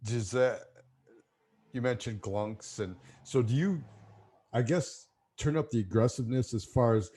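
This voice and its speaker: A man hosting a podcast, asking musing, halting questions in a casual interview. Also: mid-range voice, mellow, husky. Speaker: podcast host.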